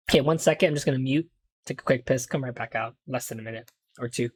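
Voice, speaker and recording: A woman's voice: very deep voice, a little fast, breathy edge, no echo. A woman streaming a courtroom game, chatting casually, laughing, swearing and stumbling over her words. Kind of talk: casual let's-play commentary.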